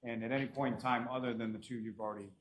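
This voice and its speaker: A man with a Boston accent questions a witness in a formal, polite way as a prosecutor, pausing often on "uh". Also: medium pitch, steady tone, a little hiss or hum. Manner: formal, polite, with frequent "uh" pauses. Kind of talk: courtroom examination.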